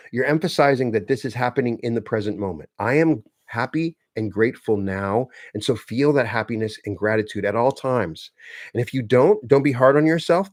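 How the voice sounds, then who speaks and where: Mid-pitched guy doing a slow emphatic self-help talk, repeats stuff for stress, dry close sound. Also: dry recording. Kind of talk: motivational teaching talk.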